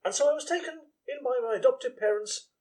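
An actor playing a prim, deadpan assistant detective in a comedy sketch. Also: male voice, extremely high pitch, quick pace, poor audio. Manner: deadpan, evasive. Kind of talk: live comedy sketch reading.

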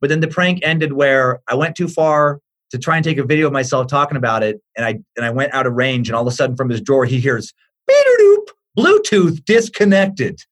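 A man in his forties, a comedian guest, telling an animated comic story, excitable and swearing freely. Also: mid-range voice, quick pace, hardly any pauses.

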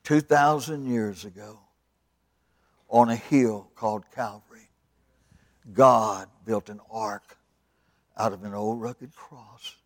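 Dramatic revival preacher, dry sound. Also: male voice, lowish voice, slow pace, pauses often, no echo. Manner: dramatic storytelling, swinging loud to hushed. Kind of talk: sermon.

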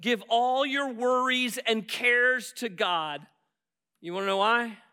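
Pastor guy preaching, high bright voice, gets animated then soft and prayerful. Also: slow, clear, resonant tone. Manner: animated, voicing Bible scenes and dropping soft for prayer. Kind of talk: sermon.

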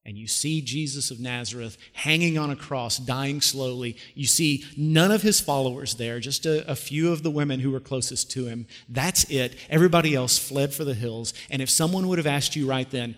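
A man's voice: medium pitch, moderate pace, hardly any pauses, a bit bright. A man preaching a sermon as a pastor, telling the story in a conversational way and asking the listeners questions. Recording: long hall reverb.

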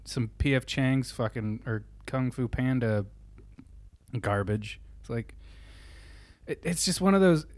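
A man's voice: medium pitch, measured pace, pauses often, dry recording. A young adult man telling a rambling, profane story in casual chat. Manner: rambling, profane, animated retelling.

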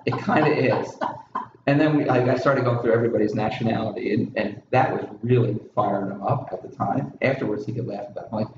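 A man co-hosting a podcast in a small room, telling stories in a casual, animated way and mimicking other people. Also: lowish voice, fast talker. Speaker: podcast co-host. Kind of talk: casual storytelling chat. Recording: roomy, dull sound with faint background noise.

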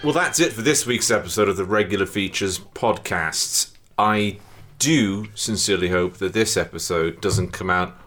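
A man co-hosting a comedy podcast, jokey and deliberate in delivery. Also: deep voice, fairly bright tone, faint music behind. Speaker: podcast co-host.

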